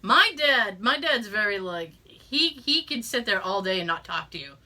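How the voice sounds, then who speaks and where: A woman's voice: mid-range voice, very animated, normal speed, bright, forceful tone. A middle-aged woman hosting a podcast, telling a story in casual chat, swearing freely and laughing as she talks. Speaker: podcast host.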